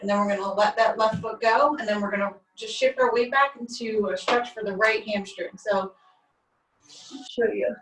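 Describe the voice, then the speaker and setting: A woman leading a guided stretching class, calmly cueing each step while she does the moves herself, recorded on a laptop mic across a room. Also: mid-range voice, normal speed. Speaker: stretching instructor. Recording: echoey room, distant mic, faint music.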